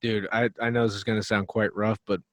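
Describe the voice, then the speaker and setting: A man's voice: fairly low pitch, flat delivery, quick pace, no echo. A man appearing as a musician guest on a podcast, talking casually in a blunt, joking, profane way.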